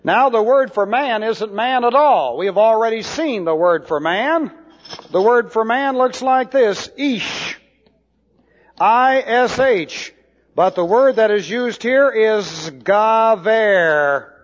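A man teaching a sermon, slow and deliberate, spelling out Hebrew words letter by letter. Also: sits high, animated. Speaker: Bible teacher. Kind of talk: expository sermon. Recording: dull lo-fi hall recording.

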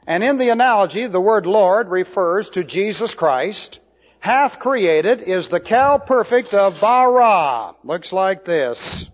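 A man teaching a sermon, slow and deliberate, spelling out Hebrew words letter by letter. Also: sits high. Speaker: Bible teacher. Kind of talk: expository sermon. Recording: dull lo-fi hall recording.

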